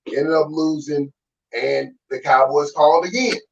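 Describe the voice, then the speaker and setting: A man in his fifties, a guest telling his own story in a relaxed, animated way, acting out what others said. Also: fairly high pitch, measured pace, gravelly. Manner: animated, acts out quoted voices. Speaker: guest, former football player. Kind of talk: casual storytelling. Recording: distant, dull remote audio.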